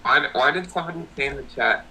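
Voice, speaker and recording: A man's voice: on the high side, quick pace, pushed and bright, a little hiss or hum, poor audio. A young man in casual livestream chat, laid-back, reading out chat messages. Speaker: livestream co-host.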